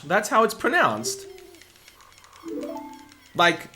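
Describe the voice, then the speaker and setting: A man's voice: a little high, lively intonation, normal speed, fairly bright tone, faint music behind. An Australian man, a speedrun streamer, chatting casually and rambling as he answers his live chat.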